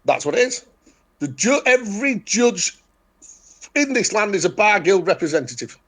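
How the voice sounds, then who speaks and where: Yorkshire guy, pretty high voice, blunt and emphatic, keeps hammering his points. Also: sing-song, normal speed, a bit bright, slightly rough. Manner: emphatic, repetitive, declaring. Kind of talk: casual chat.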